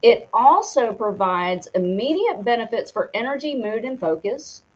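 A woman's voice: fairly high pitch, sing-song, normal speed, a little mellow, breathy edge. A woman co-hosting a live show, reading product details aloud, tripping over hard words and laughing at herself. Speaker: co-host reading a sponsor segment. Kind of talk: casual live-stream talk. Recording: dull lo-fi stream audio.

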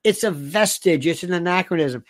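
An older host giving an animated, indignant monologue, reading listener comments aloud and firing off rhetorical questions. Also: medium pitch, moderate pace, dry recording, studio quality.

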